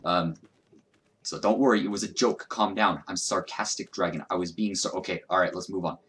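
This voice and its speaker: A young adult gaming YouTuber gives casual, profane, self-mocking let's play commentary as he plays. His voice is low-pitched and a bit bright, with a brisk delivery.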